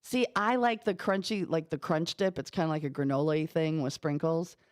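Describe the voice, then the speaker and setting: A Midwestern woman co-hosting morning radio in a studio, talking in a lowish voice that sits close and dry on the mic. She chats and tells everyday stories with animated, laughing energy. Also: normal speed, no echo. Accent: Midwestern American. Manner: chatty, animated storytelling with laughs. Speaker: radio morning show co-host. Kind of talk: casual morning radio chat.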